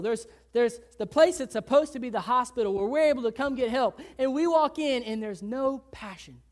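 High-pitched woman preaching with swinging force. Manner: swings between loud emphatic lines and hushed low ones; conversational, acts out people in quick asides. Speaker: pastor. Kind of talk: sermon.

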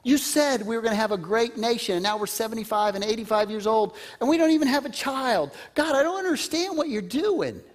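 A man voicing an aged patriarch who pleads with God, confused and halting. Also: very high-pitched, animated, voice pushed up. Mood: pleading. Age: older. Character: aged male patriarch praying in bewilderment.

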